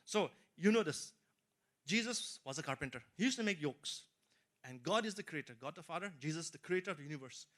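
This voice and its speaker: A man's voice: a little high, animated, a little fast, fairly bright tone. A middle-aged man preaching a sermon as earnest personal testimony, stressing key phrases and speaking directly to his listeners. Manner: earnest testimony, rising emphasis and repeated asides to listeners.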